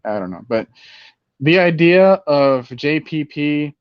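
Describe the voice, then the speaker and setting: A man hosting a casual fantasy football show, rambling and animated, with many fillers. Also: on the high side, slow pace, clear, resonant tone, no room sound, lo-fi sound. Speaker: fantasy football podcast host. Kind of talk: casual sports talk.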